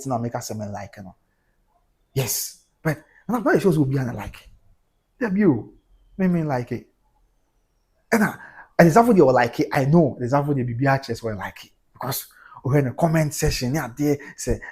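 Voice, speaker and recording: Ghanaian male live-stream host, husky mid-pitched voice, lively and chatty. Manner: switches between pidgin English and Twi, animated, laughs often. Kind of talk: casual live-stream chat.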